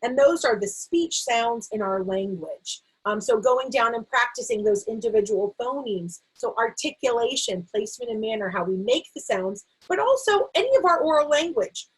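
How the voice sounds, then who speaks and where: Husky-voiced woman explaining reading instruction. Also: a little high, very animated, normal speed, hardly any pauses, poor audio. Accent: American. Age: middle-aged. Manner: explanatory, with frequent fillers and restarts. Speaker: literacy educator. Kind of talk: explaining a teaching framework.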